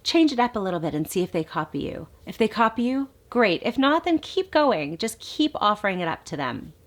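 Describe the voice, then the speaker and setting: Woman speech therapist, calm instructional delivery, sing-song when modeling sounds. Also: medium pitch, fairly quick. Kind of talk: instructional talk to parents.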